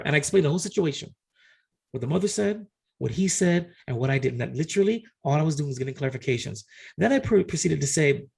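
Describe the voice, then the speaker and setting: A middle-aged man chats on a podcast, spinning a story with lively re-enacted dialogue and plenty of restarts. His voice sits slightly high for a man. It has a husky, gravelly edge. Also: quick pace. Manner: animated, re-enacts conversations, frequent restarts. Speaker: podcast co-host. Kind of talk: casual storytelling chat.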